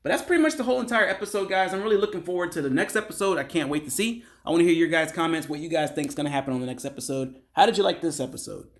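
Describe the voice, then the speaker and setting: Male host, slightly high voice, loose rambling recap full of fillers. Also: lively intonation, very fast, few pauses. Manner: rambling, filler-heavy retelling with "like" and "you know". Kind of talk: casual episode recap.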